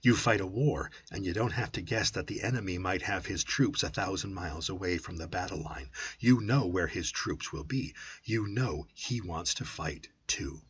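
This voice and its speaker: A man narrating a first-person story as an audiobook, with an intense, brooding delivery that drops to a hush at times. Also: low-pitched, normal speed, few pauses, husky. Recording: dull lo-fi audiobook recording.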